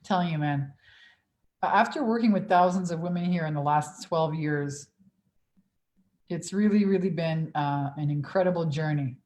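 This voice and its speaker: A woman's voice: low voice, moderate pace, a little mellow. A woman in her forties, a business coach on a livestream Q&A, talking in a blunt, profane, emphatic way. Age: 40s.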